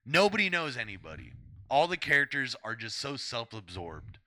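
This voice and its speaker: A young man hosting a podcast in casual chat, excitable and swearing freely as he trips over his own sentences. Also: medium pitch, normal speed, no room sound. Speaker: podcast host.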